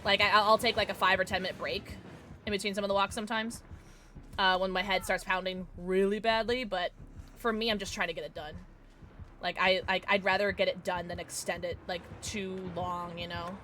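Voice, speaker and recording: Medium-pitched and fairly even in intonation, this young woman talks a little fast in a pushed, bright voice, with faint music behind her. She's livestreaming a game and chatting bluntly with viewers, irritable and swearing.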